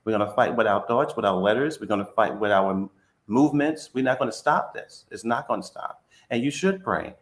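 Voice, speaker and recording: A man giving an impassioned, rousing speech in a live chat room, repeating phrases like a preacher. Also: medium pitch. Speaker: guest speaker. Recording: roomy echo.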